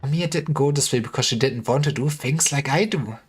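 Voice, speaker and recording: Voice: medium pitch, a little fast, breathy edge, soft background music. A streamer reading game dialogue aloud in dramatic voices on a livestream, breaking off for hesitant, offhand commentary. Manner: switches between dramatic character lines and offhand commentary. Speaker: streamer voicing a game story.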